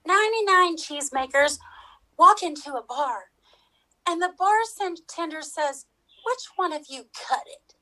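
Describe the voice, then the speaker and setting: A woman's voice: very high voice, lively intonation, unhurried, bright, forceful tone. A woman, an improv player, telling jokes lightly with a giggle. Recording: distant from the mic.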